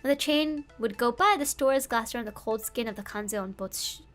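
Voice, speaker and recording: A woman's voice: fairly high pitch, a little fast, a bit bright, faint music behind. A woman streamer explaining Japanese translation in a casual, playful, chatty way, full of fillers and tangents. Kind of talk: casual streamed language lesson.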